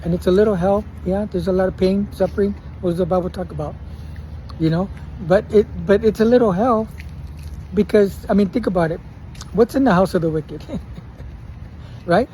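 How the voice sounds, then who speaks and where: Man, casual preacher, high voice, faint street noise behind. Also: moderate pace, pauses often, dark tone, low-quality recording. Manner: casual, mixes Spanish words into English, chuckles often. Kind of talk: informal devotional sermon.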